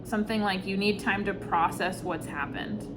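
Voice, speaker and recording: A woman giving an intuitive tarot reading, speaking softly and reflectively, with sighs and pauses between thoughts. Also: medium pitch, steady tone, noisy background. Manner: slow, soft-spoken, reflective, with sighs and pauses. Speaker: tarot reader.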